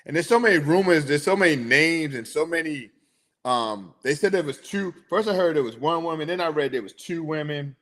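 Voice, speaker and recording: A man's voice: fairly high pitch, a little fast. Rambling man hosting a sports podcast. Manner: rambling, animated, talks to chat viewers. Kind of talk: casual chat.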